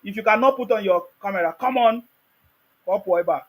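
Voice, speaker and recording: A man's voice: sits high, fairly quick, slightly rough. A man with a Nigerian accent hosting a heated live call-in debate, combative and repeating his demands insistently. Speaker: host of a live call-in stream.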